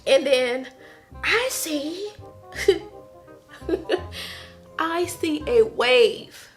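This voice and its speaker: A woman casually telling a personal story to camera, animated, acting out quotes in a higher voice and laughing between lines. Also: extremely slow, soft background music.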